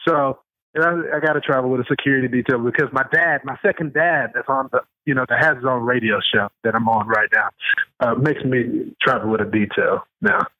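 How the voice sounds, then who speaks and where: A man calling in to a radio show as a correspondent, talking in an animated way that stumbles over repeated words. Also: medium pitch, fairly quick, no echo. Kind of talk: phone-in interview. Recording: tinny phone line.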